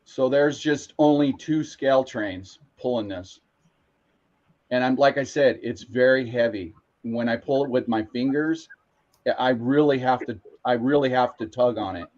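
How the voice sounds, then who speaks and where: A man's voice: mid-range voice, measured pace, a little mellow, highs cut off. A man hosting a casual live stream, explaining things step by step with frequent restarts. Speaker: host. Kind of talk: casual chat. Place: home train room.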